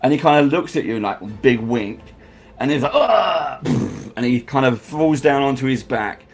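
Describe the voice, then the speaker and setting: A man's voice: medium pitch, brisk. A man narrating as game master, acting out crowd noises and sound effects.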